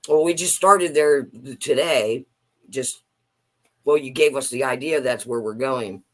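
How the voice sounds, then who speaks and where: A man in casual chat, telling animated stories and acting out what others said. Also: mid-range voice, measured pace. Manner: animated storyteller, acts out quotes.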